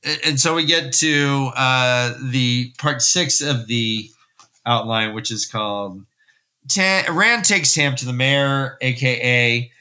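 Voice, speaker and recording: A man hosting a podcast, recapping a story in an animated, rambling, jokey way. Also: medium pitch, slow. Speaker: podcast host.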